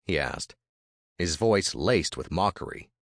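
A man narrating a frontier story in the first person, measured and expressive. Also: sits low, no room sound, studio quality.

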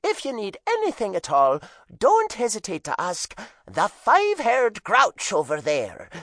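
A man voicing a loud, teasing Irish mother who runs a pub, with a shrill, strained timbre and a brash, theatrical manner. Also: wildly swooping pitch, measured pace, dry recording, studio quality, exaggerated voice.

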